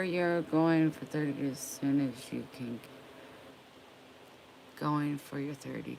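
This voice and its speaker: Low-voiced young woman, slow drawl. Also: steady tone, creaky, a little mellow, a little hiss or hum, poor audio. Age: young adult. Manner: slow, drawling, chatting with viewers by name. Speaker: livestreamer. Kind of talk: casual livestream chat.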